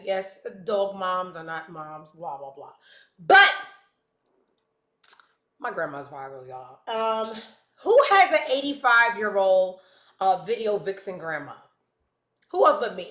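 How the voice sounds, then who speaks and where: Woman, young adult, high voice, sassy slangy gossip host, echoey room. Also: a bit bright. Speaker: podcast host. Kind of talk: casual gossip chat.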